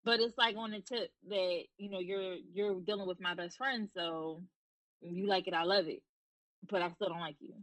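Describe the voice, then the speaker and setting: A woman guest in casual chat, talking hesitantly and thinking out loud. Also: lowish voice, steady tone, normal speed, poor audio. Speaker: podcast guest.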